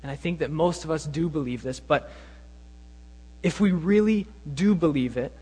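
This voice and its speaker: An earnest young male preacher teaches with emphatic conviction. His voice sits high for a man. Long reverb hangs around every phrase in the church hall. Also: normal speed, warm tone, husky. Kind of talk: sermon.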